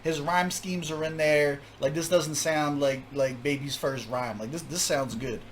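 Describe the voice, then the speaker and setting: A man hosting a music reaction video, talking casually with jokes, laughter and quick asides. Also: on the high side, a little hiss or hum. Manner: animated, laughing, joking asides.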